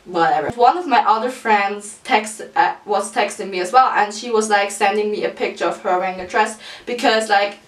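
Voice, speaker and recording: A young woman tells a storytime vlog in a chatty, swear-heavy way. Her voice sits fairly high, and it sounds roomy, as if the mic is some way off. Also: fairly bright tone, far from the mic. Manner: chatty, profane, lots of "like" fillers, laughs through it. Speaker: vlogger.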